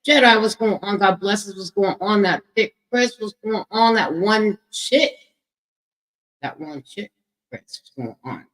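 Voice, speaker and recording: A middle-aged woman hosts a casual livestream and speaks. She is loud and playful. She greets viewers by name and swears freely. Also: mid-range voice, animated, a little slow, low-quality recording. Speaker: livestream host. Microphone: microphone with echo.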